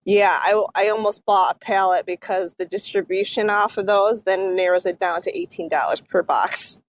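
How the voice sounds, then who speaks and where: A woman's voice: medium pitch, normal speed. A woman speaking as a guest in a casual chat, giggly and rambling.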